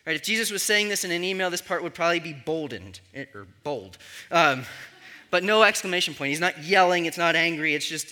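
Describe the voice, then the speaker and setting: Bright high-voiced male pastor preaching. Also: animated, brisk. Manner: conversational teaching with frequent "right?" check-ins. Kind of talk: sermon.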